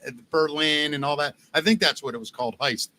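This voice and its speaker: A man hosting a casual podcast, with a high voice and a very bright, forward tone. He keeps up a stream of jokes and animated asides in easy banter. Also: brisk, a little hiss or hum. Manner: joking, animated storyteller. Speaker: podcast host.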